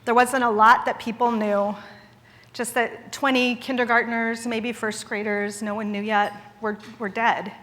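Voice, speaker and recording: A woman's voice: on the high side, level tone, measured pace, a bit bright. A woman in her forties from Idaho gives an earnest, candid speech at a charity gala, mixing wry humor into a personal story. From Idaho, USA. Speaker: guest speaker at a charity gala. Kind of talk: public speech. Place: large event hall. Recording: long hall reverb.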